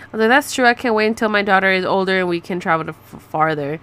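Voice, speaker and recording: A woman's voice: on the low side, fairly quick, hardly any pauses, fairly bright tone. Sassy woman in her thirties. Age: 30s. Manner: sassy, profane, laughing asides. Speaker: vlogger. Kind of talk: casual storytelling, reading messages aloud. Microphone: close to the mic.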